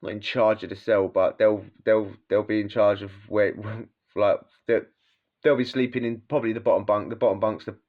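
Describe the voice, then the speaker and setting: A man's voice: fairly low pitch, fairly even intonation, normal speed. A man with a British accent telling prison stories in a casual, slangy way, swearing freely and laughing as he talks. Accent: British English. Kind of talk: casual storytelling. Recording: dull lo-fi sound.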